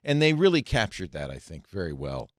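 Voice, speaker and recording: Lively older man hosting a tech show. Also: low-pitched, fairly quick, no room sound, clean studio sound. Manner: reads headlines aloud with asides and laughs. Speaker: podcast host. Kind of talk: casual tech chat.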